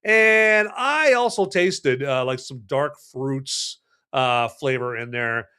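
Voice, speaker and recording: A man's voice: medium pitch, lively intonation, slow pace, bright, forceful tone, clean tone. A man casually reviewing a beer on a podcast, rambling with lots of fillers, restarts and jokes. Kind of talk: casual chat.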